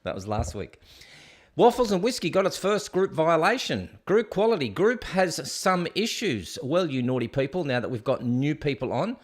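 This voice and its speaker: A man's voice: on the high side, big pitch swings, normal speed. Chatty Australian man hosting a livestream. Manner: chatty, jokey, rambling, reads comments aloud. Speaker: host. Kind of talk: casual solo livestream chat.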